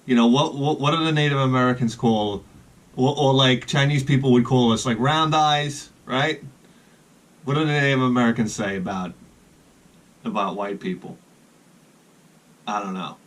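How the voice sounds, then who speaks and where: A man's voice: medium pitch, moderate pace, long pauses. A middle-aged man spins a loose, rambling story in casual talk. He keeps restarting his sentences and chuckles at his own jokes, in an ordinary mid-range voice.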